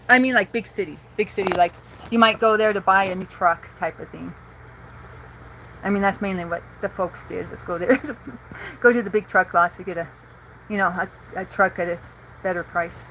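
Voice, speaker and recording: A woman's voice: mid-range voice, moderate pace, pauses often, fairly bright tone, slight background noise. A woman hosting a casual livestream, chatting and rambling to viewers and laughing often, recorded on a handheld phone. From rural area near Boise, Idaho. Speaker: livestream host.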